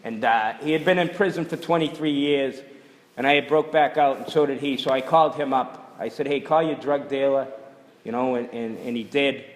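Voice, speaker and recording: A man's voice: medium pitch, normal speed. A middle-aged man talks bluntly through a rambling testimony, dropping "you know" at every turn. His voice sits in a middling register. The sound has a long hall reverb. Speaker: speaker sharing recovery story. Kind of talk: personal testimony at a recovery meeting.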